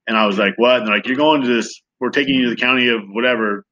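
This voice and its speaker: A man in his thirties from Southern California candidly telling his recovery story in a fast, profane, animated way. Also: medium pitch, lo-fi sound. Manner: fast, profane, animated retelling with acted quotes. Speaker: guest sharing recovery story.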